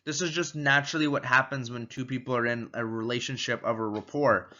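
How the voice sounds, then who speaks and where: A man giving a casual, energetic training talk on rapport, repeating his points and acting out short door-step exchanges. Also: mid-range voice, a little fast, muffled recording. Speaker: sales and marketing trainer. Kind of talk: casual teaching video.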